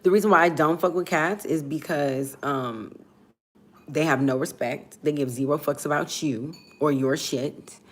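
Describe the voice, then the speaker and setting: Lower-pitched woman host of about forty, profane and rambling, casual monologue. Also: measured pace, slight background noise. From Texas. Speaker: podcast host.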